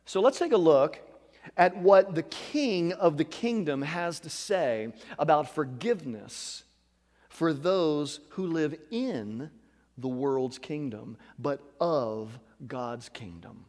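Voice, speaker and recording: A male pastor preaches with a lively, swooping delivery in a fairly high voice. He moves between forceful emphasis and quiet asides. The sound carries a long reverb from a large hall. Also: unhurried. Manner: animated preaching, shifting from loud to hushed. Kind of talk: sermon.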